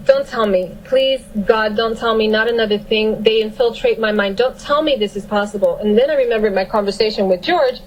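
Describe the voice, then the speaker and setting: A woman telling a personal story in a casual, animated and emphatic way. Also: fairly high pitch, a little fast, hardly any pauses, poor audio.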